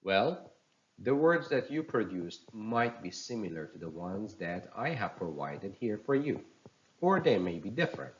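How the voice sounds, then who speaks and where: Very low-voiced man teaching pronunciation. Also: very animated, muffled recording. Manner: reads words slowly and clearly for repetition. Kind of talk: slow teaching with drills.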